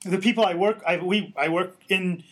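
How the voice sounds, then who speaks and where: A man's voice: high voice, fairly even intonation, fairly bright tone, slightly rough. Bawdy joking male podcast co-host. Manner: bawdy, joking, quick asides. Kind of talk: casual banter.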